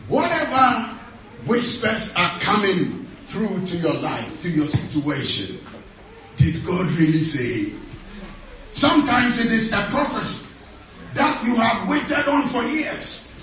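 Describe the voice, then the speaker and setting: High-voiced man preaching in an echoey hall. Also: lively intonation, slow, a bit bright, slight background noise. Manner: emphatic, repeats short phrases, laughs often. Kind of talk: sermon. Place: church. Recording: echoey church hall, mic at a distance.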